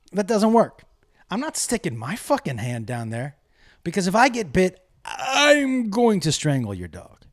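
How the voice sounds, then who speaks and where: A middle-aged man telling a comic rant to camera, profane and exasperated as he tells a story. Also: sits high.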